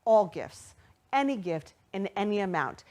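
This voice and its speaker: A young woman hosts a live online fundraiser, thanking donors by name in a bubbly, upbeat patter. Her voice swoops up and down with lively animation. She sits at a middle pitch for a woman. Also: a little slow. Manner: upbeat, animated, bursts of excited squeals at donations. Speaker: virtual gala host.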